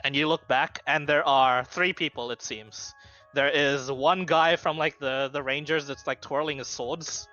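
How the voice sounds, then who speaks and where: Guy running a tabletop game, bright voice, muffled audio, quiet music behind. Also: on the high side, steady tone, no echo. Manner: halting, lots of fillers and restarts. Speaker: game master.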